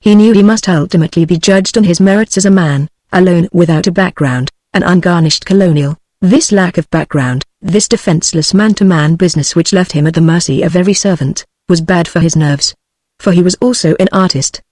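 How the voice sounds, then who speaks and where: British woman, synthetic audiobook narrator, even measured reading, dry close sound. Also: lowish voice, no echo. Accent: British English.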